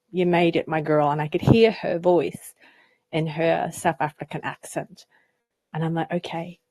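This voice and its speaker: A woman's voice: sits low, a little mellow, dry recording. A woman, a guest on a video call, telling a spiritual story and reading her poem. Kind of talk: casual storytelling and poetry reading.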